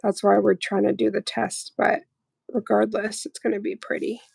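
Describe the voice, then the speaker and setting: A woman's voice: mid-range voice, flat delivery, normal speed, gravelly, a little mellow, breathy edge, no room sound, poor audio. A woman hosting a casual livestream, chatting playfully and laughing often while doing nail art. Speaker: livestream host.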